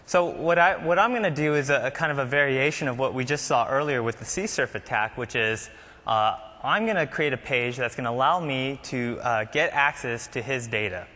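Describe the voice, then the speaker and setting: A man's voice: medium pitch, brisk, pushed and bright, long reverb tail. A man presenting a live coding demo at a conference, talking casually with fillers as he types. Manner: casual, explains while typing, frequent fillers.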